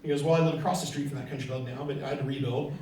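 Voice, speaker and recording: This middle-aged man from California races through a motivational speech in a large hall, storytelling and acting out dialogue. He has a medium-pitched, steady, darkish voice. Recorded from far off in the echoey room, there's a little hiss or hum.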